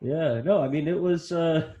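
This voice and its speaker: A man's voice: on the high side, normal speed, mellow, lo-fi sound. Guy hosting a podcast, rambly, keeps restarting sentences, riffs on comedy bits. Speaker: podcast host. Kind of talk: casual interview chat.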